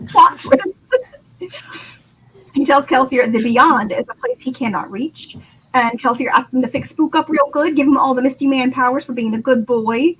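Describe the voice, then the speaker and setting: A woman co-hosting a casual book discussion, excitable and laughing often as she reads quotes aloud. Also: high voice, normal speed, a little hiss or hum, rough recording. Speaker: podcast co-host.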